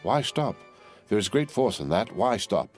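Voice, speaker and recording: A man reading an audiobook and voicing a bloodthirsty juror with a croaking voice. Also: fairly low pitch, animated, normal speed, soft background music, natural voice. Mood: eager.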